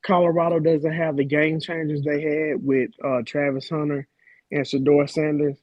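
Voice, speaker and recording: A man's voice: a little high, flat delivery, moderate pace, dry recording, lo-fi sound. A man co-hosting a casual sports talk show, stammering a little and losing his train of thought. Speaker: co-host.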